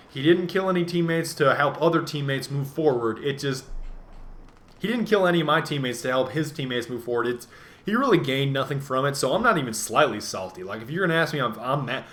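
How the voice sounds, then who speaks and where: A man's voice: medium pitch, fairly bright tone. A man giving casual gameplay commentary, rambling along with jokes and self-mocking asides. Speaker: gaming commentator.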